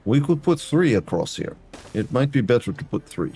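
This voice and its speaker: A man's voice: medium pitch, sing-song, moderate pace, mellow, breathy edge, soft background music. A man streaming a building game, chatting casually and talking to viewers by name as he plays. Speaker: variety streamer. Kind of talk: casual gameplay commentary.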